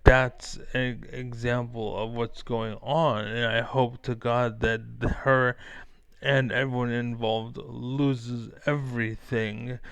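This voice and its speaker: A man's voice: mid-range voice, a bit bright, clear, resonant tone, no echo. A man streaming a heated, profane reaction rant, talking back to a clip. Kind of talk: ranting reaction commentary.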